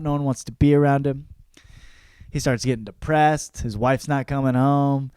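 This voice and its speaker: A young man hosting a podcast gives a casual book review, swearing freely and acting out the characters' lines. His mid-range voice is clean and darkish with fairly even intonation at a moderate pace, in a dry recording with clean studio sound.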